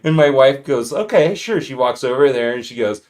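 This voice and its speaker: Man, casual chat, rambling, quick to laugh. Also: mid-range voice, level tone, darkish tone. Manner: rambling, laughs often, imitates his parrot.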